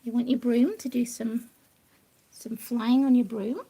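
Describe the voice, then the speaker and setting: A woman's voice: on the high side, steady tone, measured pace, vocal fry, dark tone, slight background noise. A woman on a home live stream, coaxing and cooing at her pet rabbit in sing-song baby talk. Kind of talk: doting chat to a pet rabbit. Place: living room at home.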